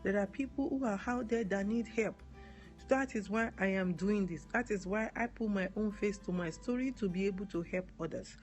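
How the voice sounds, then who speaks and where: Speaking at normal speed in a mid-range, darkish voice, a Nigerian-accented woman from Nigeria answers comments on her live stream as an advocate. She talks earnestly, repeating key words and spelling a few out, while faint music plays behind her.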